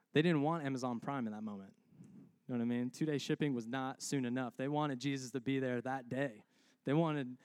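A man's voice: mid-range voice, a little mellow, dry recording, clean studio sound. A young man preaching a sermon as a pastor, conversational and humorous, calling out to his congregation.

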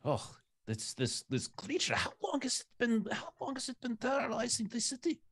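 A young man playing a tabletop game in character, with stiff, halting, overly formal phrasing. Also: extremely high pitch, huge pitch swings, a bit bright, husky. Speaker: player.

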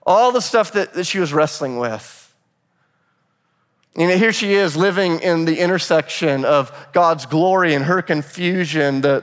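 A man pastor giving a sermon, telling the story with animated, conversational energy and briefly acting out quoted voices. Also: fairly high pitch, long reverb tail. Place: church sanctuary.

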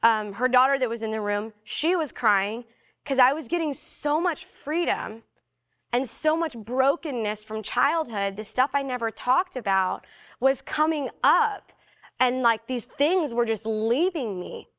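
A woman's voice: fairly high pitch, measured pace. A young adult woman as an interview guest, telling a personal testimony in casual storytelling style, full of "like" and acting out the voices she quotes. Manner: animated, fillers of "like", acts out quoted voices.

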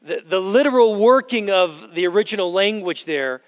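A middle-aged male pastor preaching a sermon in a church, slowing down to stress key words and building to loud emphasis. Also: high-pitched, expressive. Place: church sanctuary. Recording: long hall reverb in a church.

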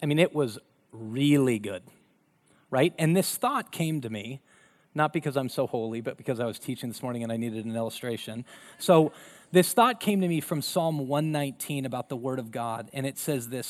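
A man's voice: mid-range voice, normal speed. A middle-aged man who grew up in Colorado, a pastor preaching a sermon and telling family stories with acted-out voices. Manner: animated storytelling, acting out voices.

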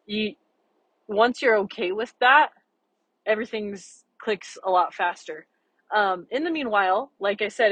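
A woman's voice: medium pitch, fairly bright tone, slightly rough, no echo, low-quality recording. A young woman hosting her own podcast, talking earnestly and chattily about ranch life and personal growth. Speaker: podcast host. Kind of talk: solo podcast talk.

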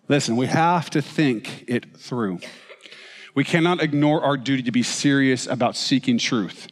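A man's voice: mid-range voice, measured pace, in a large hall. A man preaching a sermon who reads long quotations aloud and keeps asking rhetorical questions, often tagging them with "right?". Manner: asks rhetorical questions, tags lines with "right?". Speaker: pastor. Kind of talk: sermon with apologetics.

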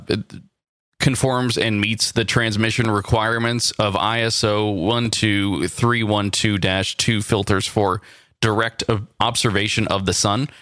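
A man's voice: fairly low pitch, fairly bright tone, dry recording. A man co-hosting a casual podcast over a video call, talking in a rambling way with restarts and dry asides. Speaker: podcast co-host. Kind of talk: casual chat.

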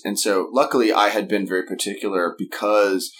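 A man with a low-pitched voice and a Southern American accent tells a story in a relaxed podcast chat. He brings it to life by acting out what people said in a higher, louder voice. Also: brisk. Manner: animated, acts out quotes in raised voices. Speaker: podcast guest, wedding band singer. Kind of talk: casual storytelling.

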